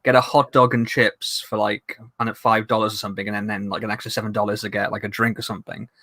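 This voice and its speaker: A man's voice: fairly low pitch, level tone, fast, bright, forceful tone, no echo, clean studio sound. A young Welsh man with a Welsh accent, co-hosting a casual chat, rambling along with lots of fillers. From Wales. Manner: chatty, rambling with many fillers. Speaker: co-host.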